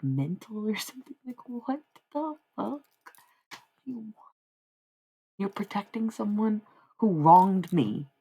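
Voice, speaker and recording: A woman's voice: medium pitch, a little mellow, slightly rough, rough recording. A young woman livestreaming, chatting loosely with her viewers and drifting from point to point as she goes. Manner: rambling and easily sidetracked, talking to chat. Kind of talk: casual livestream chat.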